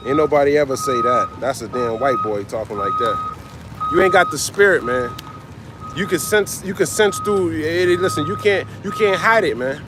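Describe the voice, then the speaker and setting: Over very noisy audio, a man with a fairly high-pitched voice preaches on a livestream. He answers his chat bluntly in slangy street talk, repeatedly tacking "man" onto the end of his lines.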